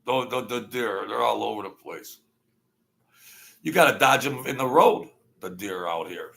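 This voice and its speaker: A man's voice: on the low side, expressive, measured pace, gravelly, fairly bright tone. A man in his sixties hosting his own channel, rambling through a casual monologue in a chatty, self-mocking way and chuckling often. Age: 60s. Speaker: channel host.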